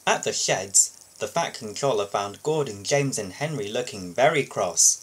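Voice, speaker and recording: Man, storybook reader, husky, lively pitch, casual slips. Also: moderate pace, few pauses. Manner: steady storytelling with small slips and restarts. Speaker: storybook reader and video host. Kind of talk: reading a children's storybook aloud.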